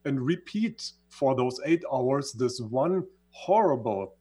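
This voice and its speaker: A husky-voiced man, not a native English speaker, recounting his past in an interview. He talks earnestly at a middling pitch, restating phrases as he searches for the right word. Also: sing-song, takes it slowly, dark tone. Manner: earnest, searching for words, repeats himself. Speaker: guest. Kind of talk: reflective storytelling in conversation.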